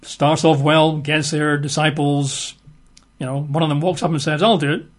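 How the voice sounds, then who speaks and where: Middle-aged preacher, conversational Bible teaching, a bit higher voice, lots of 'sort of' and 'um'. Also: male voice, flat delivery, moderate pace. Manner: chatty and hesitant, many fillers and 'sort of'.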